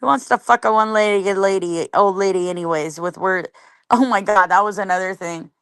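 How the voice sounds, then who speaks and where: A woman's voice: medium pitch, fairly quick, fairly bright tone, clear, resonant tone, no room sound. A woman livestreaming and chatting casually with viewers, talking bluntly with a lot of swearing and rambling asides. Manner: greets viewers and reads the chat.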